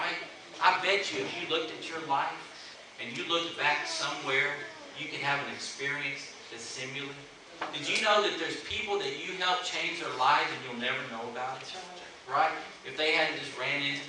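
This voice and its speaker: A man's voice: on the high side, noisy background. A man preaching a sermon in a church in a conversational way, often asking "right?" to check in with the congregation. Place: church sanctuary. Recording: echoey church hall, mic at a distance.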